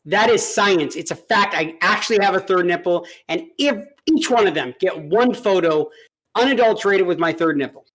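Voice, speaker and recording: Brief: male podcast co-host, high-pitched, playful joker, casual gaming banter. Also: moderate pace, fairly bright tone.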